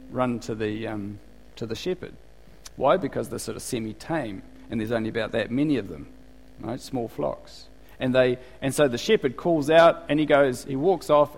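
A man from New Zealand with a New Zealand accent, preaching in a casual, conversational way and asking the congregation questions. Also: mid-range voice. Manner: chatty, asks the congregation questions. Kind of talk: conversational sermon. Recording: long reverb of a hall.

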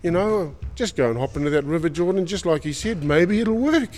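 A man's voice: fairly high pitch, lively intonation, a little fast, a little mellow, long reverb tail, natural voice. A man doing coaxing, matey companions.

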